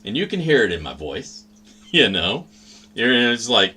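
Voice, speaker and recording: Lively, bright-voiced man rambling casually. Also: fairly low pitch, a little slow, husky. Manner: rambling, profane, laid-back. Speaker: livestream host. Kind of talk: casual livestream chat.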